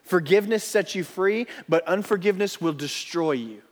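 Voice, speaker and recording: A pastor preaching a sermon in earnest, building emphasis and then dropping to soft asides. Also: male voice, high voice, moderate pace. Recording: long hall reverb.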